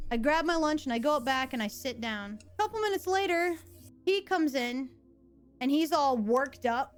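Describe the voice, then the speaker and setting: A woman narrating a first-person work story in a lively way, with small stumbles. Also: sits high, normal speed.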